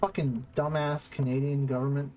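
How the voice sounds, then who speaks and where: A man's voice: medium pitch, level tone, normal speed, warm tone. A male streamer giving casual gaming commentary, rambling and profane with lots of fillers.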